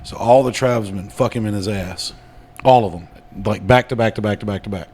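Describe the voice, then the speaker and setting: Low-voiced man with dry delivery. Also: fairly quick, slight background noise. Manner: dry, builds jokes to loud punchlines. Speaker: podcast co-host. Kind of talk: casual comedy podcast banter.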